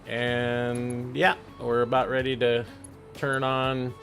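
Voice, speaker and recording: A man's voice: medium pitch, monotone, slow pace, vocal fry, fairly bright tone, faint music behind. A man streaming a building game, muttering half-sentences to himself and chatting casually with his viewers. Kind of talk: casual live-stream commentary while playing.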